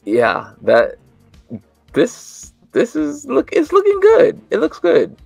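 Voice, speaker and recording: A man's voice: very high-pitched, wildly swooping pitch, slow, gravelly, a little mellow, no echo, faint music behind. A man co-hosting a casual toy talk show, laid-back and a bit hesitant, often restarting his sentences. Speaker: co-host of a toy news show. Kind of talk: casual chat.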